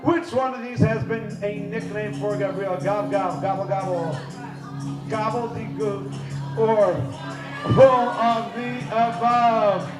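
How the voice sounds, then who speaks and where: A man hosting a live quiz game at a party, energetic and playful, shouting out countdowns to the crowd. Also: high-pitched, slow pace. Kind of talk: lively live event hosting. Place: large indoor party hall. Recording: echoey hall with music and crowd.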